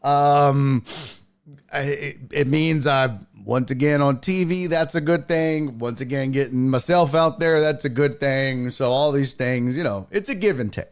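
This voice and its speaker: Male sports show host, loose casual chat, profane, animated asides, mid-range voice. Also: medium pitch, clear, resonant tone. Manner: animated, profane, jumps between tangents with quick asides.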